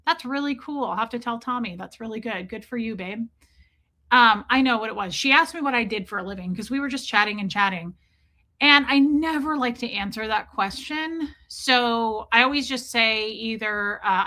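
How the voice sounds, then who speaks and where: A woman hosting a livestream, telling a story in a chatty, animated way while greeting her chat. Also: on the high side, moderate pace. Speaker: livestream host.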